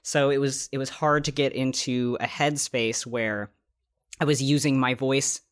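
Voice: mid-range voice, fairly even intonation, a little slow. Candid, laughing novelist on a podcast. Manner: candid, laughing, tells stories with self-mocking asides. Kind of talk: casual podcast chat.

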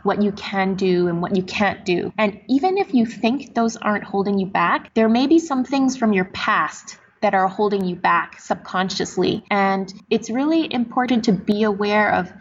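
A woman guest on a podcast, a doctor, giving earnest, measured advice. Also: medium pitch, muffled recording, slight background noise. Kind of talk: podcast interview.

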